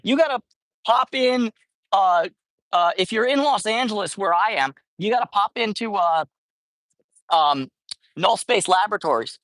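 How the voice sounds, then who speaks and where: A woman's voice: medium pitch, expressive, unhurried, long pauses, a bit bright, no room sound. A woman talks off the cuff through a livestream as she feeds street cats outdoors. She rambles, stops mid-phrase and corrects herself. Her voice sounds close and dry, with no room around it. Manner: rambling, self-correcting, chatty. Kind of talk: casual livestream chat. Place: outdoors at a street cat feeding spot.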